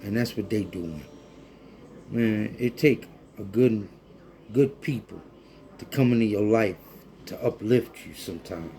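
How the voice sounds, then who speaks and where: A man, talking casually and warmly to viewers in a rambling cooking vlog from his home kitchen. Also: lowish voice, unhurried, long pauses, a little hiss or hum. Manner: heartfelt, rambling, addresses viewers as folks. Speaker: cooking vlogger.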